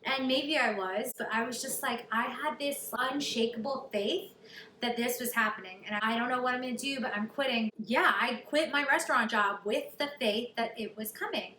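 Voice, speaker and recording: A young woman vlogger telling a personal story in a chatty, animated way, full of likes. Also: on the high side, moderate pace. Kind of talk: storytelling to camera. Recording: echoey room, faint noise.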